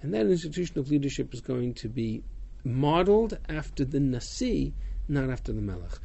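Gravelly, mellow-toned male teacher. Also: mid-range voice, very animated, moderate pace, slight background noise. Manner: reads verses aloud, then translates and explains; fields student questions casually. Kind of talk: text-study class lecture. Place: classroom with students.

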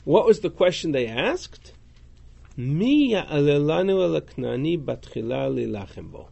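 A Talmud class teacher with a fairly high pitch and vocal fry animatedly recites original Hebrew and Aramaic phrases, then translates and questions them.

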